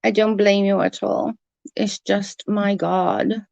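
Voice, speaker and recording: A chatty woman hosting a live stream from home, answering her viewers as their messages come in. Her voice sits at a middle pitch and sounds close and dry, with no room echo. She talks bluntly and swears when something annoys her. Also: flat delivery, takes it slowly, vocal fry, darkish tone, muffled recording. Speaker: livestream host. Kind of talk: casual live-stream chat.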